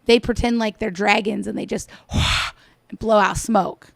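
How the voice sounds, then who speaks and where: A woman's voice: mid-range voice, fairly even intonation, slow, gravelly, background noise. A woman giving sarcastic, scolding reaction commentary over a cooking video. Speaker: commentator reacting to another vlogger.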